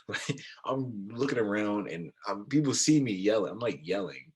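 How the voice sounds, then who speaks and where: A young man co-hosting a podcast, telling stories in a low-key casual chat with a quiet voice. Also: animated, a little fast, breathy edge. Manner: low-key, storytelling with laughs. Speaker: podcast co-host.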